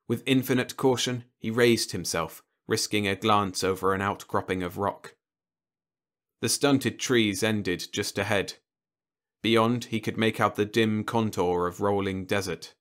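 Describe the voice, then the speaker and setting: A man reading a science fiction story aloud in lively, animated storytelling narration. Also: on the low side, unhurried. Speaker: audiobook narrator.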